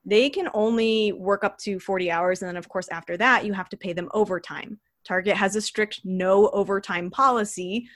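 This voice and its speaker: A young adult woman telling a personal story as a podcast guest, in a chatty, animated way with many fillers. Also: medium pitch, moderate pace, few pauses, no room sound, clean studio sound. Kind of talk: casual storytelling.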